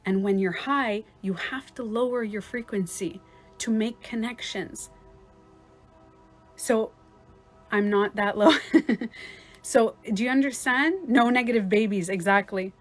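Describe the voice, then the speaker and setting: A woman's voice: on the high side, a little slow, pauses often, faint music behind. A woman life coach in a casual livestream talk, chatty and swearing at times, acting out other people's voices.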